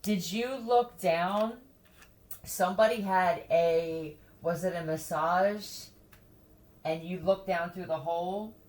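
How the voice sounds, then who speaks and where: A woman's voice: fairly low pitch, takes it slowly, darkish tone. A woman chatting casually with her viewers, blunt and profane, often breaking into laughter. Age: adult who has a son.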